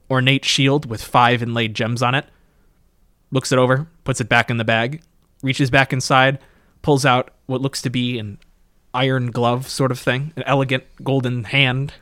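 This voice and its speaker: An easygoing man runs a tabletop game, describing scenes in a plain, mid-pitched voice. The sound is dry and close to the mic. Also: fairly bright tone, no room sound. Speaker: game master.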